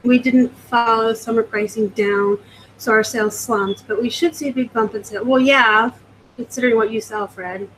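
A woman's voice: on the high side, fairly even intonation, moderate pace, fairly bright tone, a little hiss or hum, rough recording. A woman from the US West Coast hosting a live stream. She reads out viewer comments and chats about her selling in a rambling, casual way. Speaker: host.

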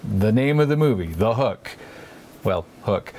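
A man's voice: on the low side, expressive, unhurried, darkish tone, a little hiss or hum. A man hosting a casual art chat, telling stories and explaining ideas in a playful, rambling way with many restarts. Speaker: podcast host, artist.

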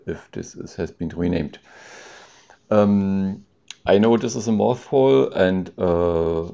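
A man with a deep, gravelly, mellow voice talks through code on a casual live stream, hesitating often and restarting his sentences. The audio is dull and lo-fi. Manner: thinks aloud, hesitant, with many ums and restarts; reads out and answers chat questions with amusement.

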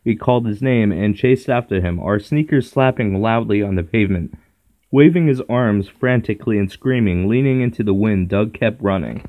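A man reading a children's horror book aloud in a steady first-person storytelling manner. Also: on the low side, normal speed, highs cut off. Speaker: narrator.

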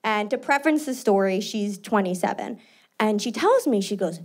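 A young woman from New York City doing stand-up, animated and self-mocking. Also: mid-range voice, moderate pace. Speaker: stand-up comedian. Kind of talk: stand-up comedy.

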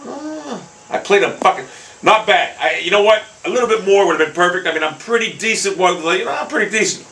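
A man commentating his own golf video game play, swearing constantly and bursting into frustrated shouts. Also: high-pitched, expressive, a little fast, slight background noise, poor audio. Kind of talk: casual gameplay commentary.

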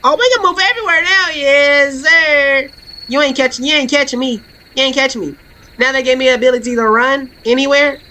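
A woman streaming a horror game, commenting in a playful, slangy, trash-talking way and breaking into excited shouts. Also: high-pitched, brisk, noisy background. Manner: excitable, bursts into laughing shouts. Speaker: gaming streamer. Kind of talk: let's play commentary.

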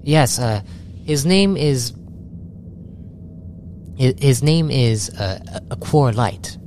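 A man voicing a hesitant female fleet admiral who gives orders in a halting way, full of restarts. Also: a bass voice, animated, dark tone, slight background noise, pitched above the performer's own voice, exaggerated voice. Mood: instructing.

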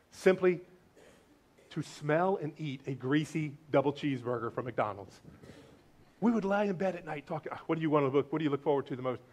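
A male pastor giving a lively, joking sermon, swinging between loud declarations and hushed asides. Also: on the high side, muffled recording. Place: church sanctuary.

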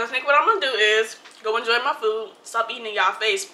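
Here a playful young food vlogger talks fast while cooking and eating at home, chatting with viewers through her phone camera. Her pitch is fairly high and her tone sharp. Reverb fills the poor-quality audio.

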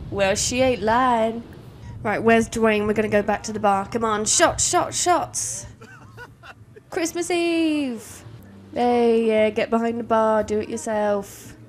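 A woman's voice: a little high, slow, long pauses, a little hiss or hum. Cheeky British woman narrating gameplay. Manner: cheeky, sweary, teasing. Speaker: gameplay commentator. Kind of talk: casual let's-play commentary.

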